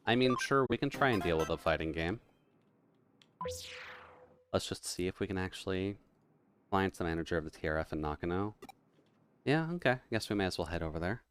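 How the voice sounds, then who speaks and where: A male streamer chats casually with his viewers while playing, rambling and joking between game lines. His voice is deep and low, with soft music faintly underneath. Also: lively intonation, a little fast, long pauses. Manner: rambling, joking, laughs often. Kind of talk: casual live-stream chat while gaming.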